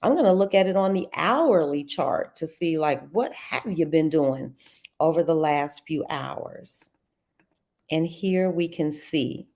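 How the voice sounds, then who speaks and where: A middle-aged woman, hosting a casual live trading walkthrough, chatty and quick to laugh. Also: fairly low pitch. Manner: chatty, laughs often, addresses viewers as y'all.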